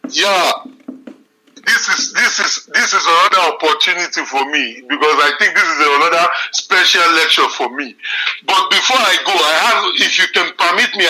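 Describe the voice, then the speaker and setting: A man calling in to a live stream, deferential and halting, saying sir and filling pauses. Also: fairly high pitch, bright, forceful tone, rough recording. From Nigeria's coastal south. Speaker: caller. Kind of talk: casual call-in talk.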